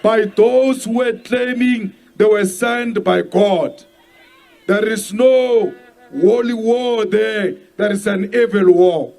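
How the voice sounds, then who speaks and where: A South African man giving a slow, emphatic rally speech and shouting some lines. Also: sits high, fairly even intonation, vocal fry. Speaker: political leader addressing a rally.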